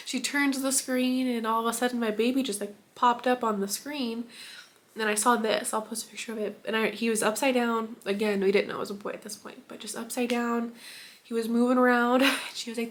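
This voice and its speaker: A woman's voice: a little high, fairly even intonation, a little fast. A young adult woman vlogging at home, telling an emotional personal story in a chatty way, filled with "like" and laughter. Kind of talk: casual storytime vlog. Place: at home indoors.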